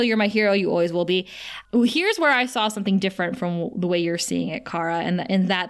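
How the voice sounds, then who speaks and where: A woman at mid pitch gushing over a show in a casual chat. She talks in quick bursts, trips over her words, and keeps circling back with "like" and restarts as she recaps the scenes. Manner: enthusiastic, chatty, frequent restarts and "like". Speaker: podcast co-host.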